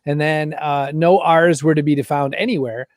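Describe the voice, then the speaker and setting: A man from Maine hosting a casual interview, loose and joking with quick interjections. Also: a little high, fairly even intonation, no room sound, studio quality. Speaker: host.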